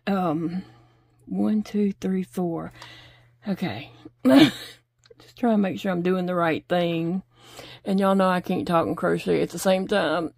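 Middle-aged woman, casual crochet vlog chat, laughs often, mellow tone, dry close sound. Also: on the low side, slow, creaky, dry recording. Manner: chatty, laughs often, counts stitches aloud. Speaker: crochet vlogger.

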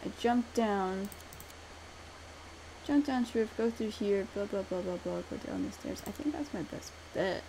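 A young woman giving let's-play commentary, chatty and talking herself through the route, mumbling some lines quietly to herself. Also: medium pitch, expressive, measured pace, slight background noise, rough recording. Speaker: gamer streamer.

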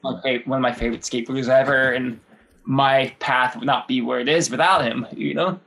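A man in his thirties tells a long, wandering story in an easygoing interview, breaking into laughs and swearing without a second thought. His voice sits at an ordinary middle pitch, loose and unhurried in its manner. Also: fairly even intonation, gravelly, a bit bright. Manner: rambling, laughing, swears freely. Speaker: guest skateboarder.

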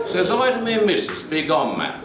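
A man giving a lively comic recitation at a community concert. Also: sits high, background noise. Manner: lively storytelling. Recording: echoey hall, mic far off.

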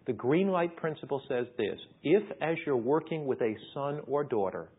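A man's voice: mid-range voice, expressive, moderate pace, slightly rough. A man preaching a sermon as a pastor, in an earnest, conversational way that puts questions to the audience. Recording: tinny phone-like sound.

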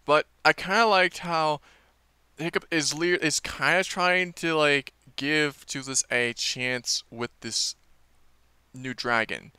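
A man talks through a movie trailer in a loose, rambling way, leaning on fillers and restarting his sentences. His voice is bright and very clear, recorded dry and close. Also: fairly high pitch, slow, no echo. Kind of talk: casual rambling review.

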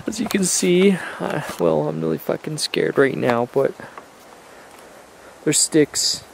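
Man, gravelly timbre, unhurried delivery; mock-terrified hiker in a homemade spoof, whisper-to-squeal panic, handheld camera outdoors. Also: slight background noise, low-quality recording. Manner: mock-panicked, jumps between hushed whispers and high squeals. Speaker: amateur filmmaker playing a lost hiker. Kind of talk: comic found-footage parody acting. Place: outdoors in a forest.

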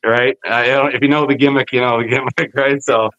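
A man's voice: mid-range voice, brisk, no room sound. Man telling wild stories, dull dry audio. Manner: animated storyteller, acts out quoted voices with profanity. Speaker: podcast guest, former wrestler. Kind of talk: casual storytelling interview.

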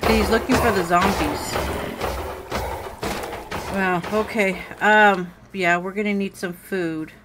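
A woman's voice: mid-range voice, steady tone, slow pace, long pauses, over music, poor audio. A woman hosting a horror game let's-play, jumpy and full of exclamations, talking straight to her viewers. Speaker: gaming channel host.

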